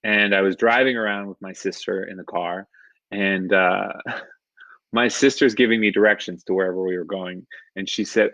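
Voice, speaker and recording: A fairly low-voiced man in his thirties tells a personal story on a live stream, chuckling often and wandering through fillers. The audio is dull and lo-fi, with a dry, close sound. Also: fairly even intonation, moderate pace, bright, forceful tone, no room sound. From San Francisco Bay Area, California. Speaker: stand-up comedian.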